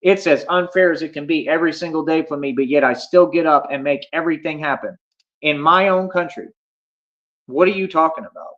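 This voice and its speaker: A man's voice: on the high side, a little fast, a bit bright, highs cut off. A man livestreaming, ranting boastfully at his chat, defiant and repetitive, calling listeners homie. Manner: brash, defiant, repeats himself and calls listeners homie.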